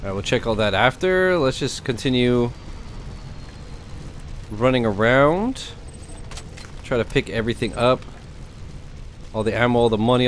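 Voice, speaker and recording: A man casually commentating his gameplay in a chatty, rambling, excitable way. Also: medium pitch, slight background noise. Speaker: gaming streamer. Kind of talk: casual let's-play commentary.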